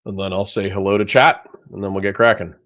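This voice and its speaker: A man's voice: lowish voice, little pitch movement, fast talker, fairly bright tone. A man hosting a casual livestream, chatting in a rambling, self-deprecating way while still sleepy and yawning. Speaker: livestream host.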